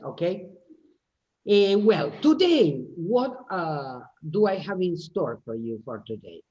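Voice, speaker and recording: A woman's voice: on the low side, sing-song, takes it slowly, mellow. A woman with a British English accent teaching a phonetics class online, explaining and correcting students. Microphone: video call. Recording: dull lo-fi video call audio.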